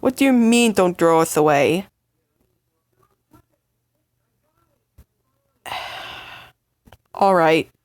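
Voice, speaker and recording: A woman's voice: on the low side, animated, dry recording, clean studio sound. A woman playing a stammering, hurt partner. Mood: resigned. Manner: stammering, halting, emotional outbursts. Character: hurt, angry young partner in a fight. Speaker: voice actor in a listener role-play. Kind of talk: listener role-play audio drama.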